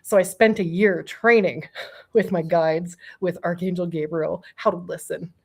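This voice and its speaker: A woman's voice: on the low side, steady tone, a little slow, creaky, a little mellow, slightly rough. A middle-aged woman, a medium and guest, telling a personal story in a casual interview. She laughs often, swears offhandedly and acts out quotes.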